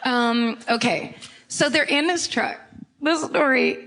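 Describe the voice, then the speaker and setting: American podcast host lady, kinda high voice, swears a lot, cracks herself up. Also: takes it slowly. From United States. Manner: animated, profane, laughing mid-sentence. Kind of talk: comedic storytelling before a live audience.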